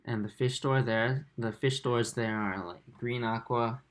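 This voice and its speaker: A man in his twenties hosting a livestream, reading viewer comments aloud in a soft, halting way with many fillers. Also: medium pitch, steady tone. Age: 20s. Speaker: aquarium channel host.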